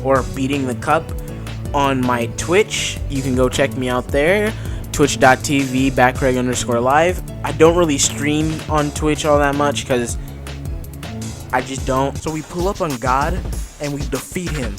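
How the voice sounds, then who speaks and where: A man's voice: medium pitch, unhurried, over music. A young man giving casual, joking commentary over a game playthrough, swearing freely. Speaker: gaming YouTuber.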